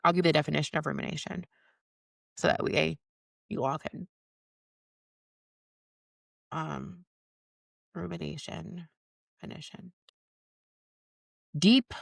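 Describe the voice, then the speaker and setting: Chatty low-voiced woman podcast host. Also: measured pace, creaky, long pauses, no echo, poor audio. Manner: chatty and encouraging, many "like" and "okay" fillers. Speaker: podcast host and career coach. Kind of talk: casual solo podcast talk.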